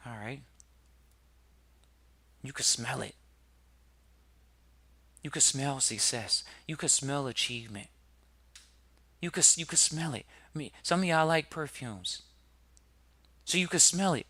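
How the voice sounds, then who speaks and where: A man hosting a podcast, giving a motivational talk full of rhetorical questions to listeners and building to loud emphatic peaks. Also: medium pitch, unhurried, pauses often, husky, dry recording. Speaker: podcast host.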